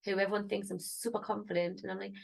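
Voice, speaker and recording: A woman's voice: mid-range voice, level tone, quick pace, gravelly, low-quality recording. A woman, rambling and thinking aloud in a casual vlog. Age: 30s. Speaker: singer vlogging.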